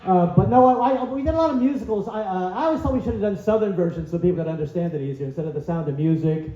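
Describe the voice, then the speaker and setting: High-voiced stand-up man in an echoey club. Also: rapid-fire, dark tone. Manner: self-deprecating, jokey, stammering fillers. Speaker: stand-up comedian. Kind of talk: stand-up comedy set. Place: small comedy club, live. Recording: dull echoey club sound.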